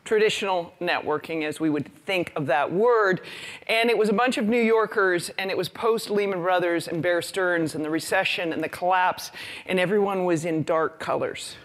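A woman's voice: on the low side, normal speed. A woman speaking to a conference audience. She tells her stories with humor and energy, building up to each point. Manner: storytelling, lively and humorous. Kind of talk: conference talk.

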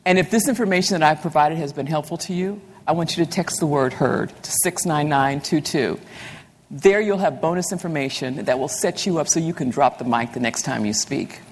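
A woman delivers a motivational keynote with insistent, repeated lines. Her voice is low-pitched and husky. The long reverb of a large hall hangs behind her. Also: fairly quick. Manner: emphatic, repeats lines for effect. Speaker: keynote speaker. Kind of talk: motivational talk.

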